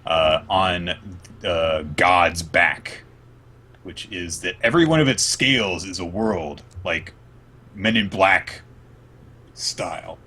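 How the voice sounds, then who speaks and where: A man hosting a podcast, chatting casually and recapping comics in an animated way with plenty of fillers. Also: deep voice, slow, pauses often, slightly rough. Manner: animated, retelling scenes with lots of fillers. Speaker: podcast host. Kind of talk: casual manga recap chat.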